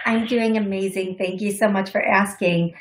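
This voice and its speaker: A woman's voice: medium pitch, fairly even intonation, moderate pace, echoey room. A woman psychic medium hosting a call-in radio show, chatty and reassuring, with giggly asides.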